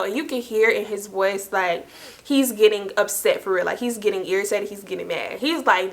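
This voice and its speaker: A young woman vlogger telling a story in casual, slangy speech, lively and quick to laugh. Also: mid-range voice. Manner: animated, slangy, laughing as she tells it.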